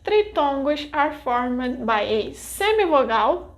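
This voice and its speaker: A Brazilian woman with a high, light voice gives a pronunciation lesson in English. She speaks at an unhurried pace and draws out each example word with care. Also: sing-song. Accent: Brazilian Portuguese. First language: Brazilian Portuguese. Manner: careful, deliberate explanation with drawn-out example words. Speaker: language teacher.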